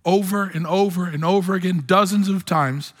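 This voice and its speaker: A man's voice: high voice, moderate pace. A man preaching a sermon as pastor, with impassioned delivery that climbs to exclamations. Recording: long hall reverb.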